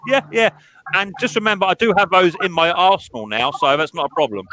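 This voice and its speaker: A man's voice: high-pitched, brisk, background noise. A man hosting a casual live stream chat, teasing his guests and telling stories. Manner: teasing storyteller. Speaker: host.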